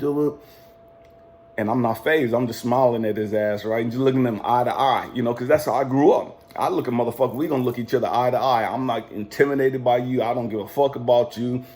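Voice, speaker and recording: A man's voice: mid-range voice, darkish tone, slight background noise. A man from California telling a personal story in a casual, profane, defiant way, laughing often. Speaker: life coach vlogger.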